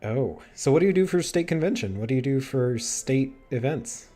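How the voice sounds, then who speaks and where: A man's voice: mid-range voice, lively intonation, normal speed, dark tone, soft background music. A man hosting a livestream interview, chatty and self-deprecating with playful asides. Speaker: livestream host. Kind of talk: casual interview chat.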